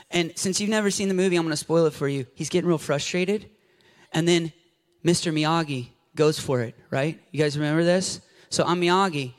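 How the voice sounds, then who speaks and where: A man preaching an animated, jokey sermon to a congregation, acting out scenes with a volunteer from the audience. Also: fairly high pitch. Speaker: pastor. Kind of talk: lively sermon with audience interaction. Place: church sanctuary before a congregation.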